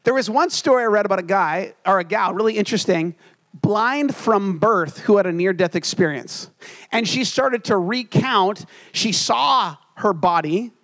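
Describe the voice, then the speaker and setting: High-voiced young man preaching a sermon. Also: normal speed, fairly bright tone. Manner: storytelling, self-deprecating and earnest. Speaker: pastor.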